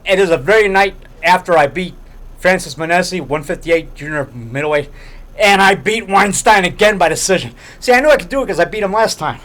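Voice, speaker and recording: A man's voice: high-pitched, brisk, a bit bright. A middle-aged man chatting casually to a camera in a grocery store, rambling and repeating himself, often tacking on "man". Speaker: low-budget filmmaker and video blogger. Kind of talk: casual rambling vlog chat. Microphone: handheld camera held by a friend.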